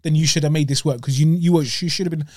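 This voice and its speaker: Man, slightly high voice, animated ranting, podcast co-host, a bit congested, dry close mic. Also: fast, no room sound. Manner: animated, ranting, addresses the fighter directly. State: congested, short of breath. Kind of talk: casual chat.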